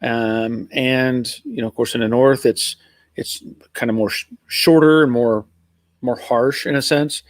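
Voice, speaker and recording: A middle-aged live stream host from Pennsylvania, USA, reads viewer comments in a casual, easygoing, rambling chat. His American accent falls between Northern and Southern, and his ordinary male voice is steady and unhurried. The sound is close and dry, without room echo.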